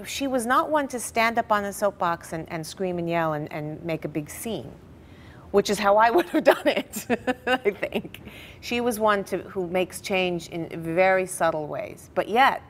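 A middle-aged woman telling family stories in a television interview, animated and laughing now and then. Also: lowish voice, slight background noise. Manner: animated storyteller, laughs through her stories. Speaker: interview guest. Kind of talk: personal storytelling in a TV interview.

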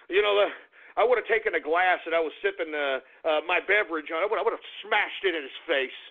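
A man's voice: high voice, a little fast, gravelly. An actor playing a furious, paranoid male conspiracy radio host who sputters, swears and repeats himself on a comedy radio show. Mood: indignant ranting. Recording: tinny phone-like radio audio.

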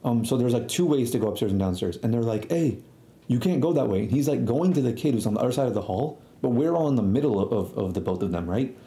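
Animated young man telling a story. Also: mid-range voice, fast, few pauses. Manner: animated, swears casually, slangy. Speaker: storytelling streamer. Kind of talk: casual storytime. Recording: echoey room.

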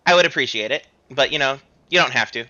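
A man's voice: mid-range voice, quick pace, bright, forceful tone, muffled recording. A young man streaming a video game, rambling and joking in casual commentary. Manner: rambling, self-deprecating, joking. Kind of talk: casual let's-play commentary.

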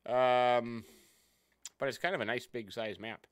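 A man's voice: mid-range voice, fairly even intonation, a little slow, clear, resonant tone. A man hosting a casual let's-play stream, chatting and greeting viewers by name. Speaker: game streamer.

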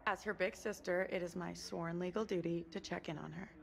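A woman's voice: on the low side, steady tone, fairly quick, gravelly, a little hiss or hum. An actress voicing a sarcastic teenage girl who is the older sister, in a dry, mocking tone.

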